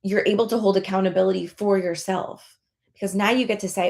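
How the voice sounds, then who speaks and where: A woman's voice: mid-range voice, steady tone, fairly quick, creaky, darkish tone. A woman weight loss coach talking casually in a members-only live session, encouraging listeners and acting out their inner thoughts.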